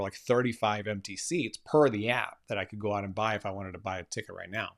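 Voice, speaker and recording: A man's voice: on the low side, fairly bright tone. A man, a keynote speaker and coach, telling a story in an impromptu live session, earnest and emphatic, often restarting phrases.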